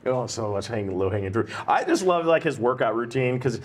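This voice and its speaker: A man's voice: mid-range voice, animated, fairly quick. A man hosting a convention panel, chatting casually and joking in a rambling way. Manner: joking, rambling, does goofy impressions.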